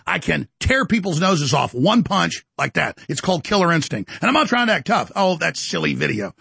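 A man's voice: on the high side, big pitch swings, fairly quick, gravelly, sharp tone, breathy edge, no echo. A man hosting a talk show, delivering a heated, boastful political rant and breaking into mocking voices. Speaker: commentary show host.

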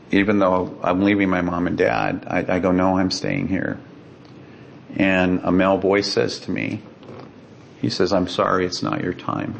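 A man's voice: low voice, vocal fry, a little hiss or hum. A man from the United States, a guest earnestly and dramatically retelling a personal story, acting out the voices of the people in it.

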